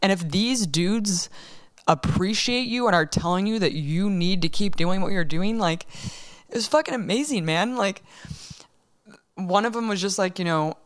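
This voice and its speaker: A young woman telling a story in a casual interview, emotional and rapid, swearing often. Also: medium pitch, no room sound. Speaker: guest.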